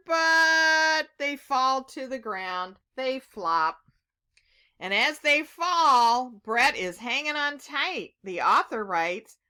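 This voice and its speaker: A woman reading a picture book aloud to young children, gently asking them questions as she goes. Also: high voice. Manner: gentle, encouraging, asks the listener questions. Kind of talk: read-aloud story lesson for kids.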